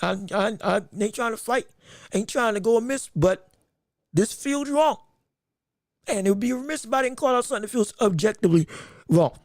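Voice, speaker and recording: A woman's voice: fairly high pitch, animated, moderate pace, pauses often, a little mellow, dry recording, clean studio sound. A woman hosting a live sports podcast, rambling and emphatic, stopping often to greet viewers from the chat. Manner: emphatic and opinionated. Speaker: podcast host. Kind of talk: live-streamed sports commentary.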